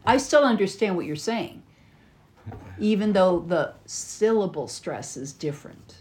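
A woman's voice: fairly low pitch, expressive, a little slow, darkish tone. A woman hosting a casual podcast, chatty and laughing, explaining with playful examples. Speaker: podcast host. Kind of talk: casual chat.

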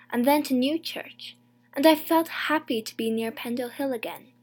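A woman narrating a chapter of a storybook in the first person, slow, clear and deliberate. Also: fairly high pitch. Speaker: audiobook narrator.

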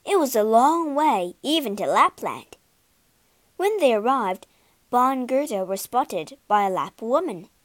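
A woman reading a storybook aloud in an expressive, unhurried way. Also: fairly high pitch, no room sound.

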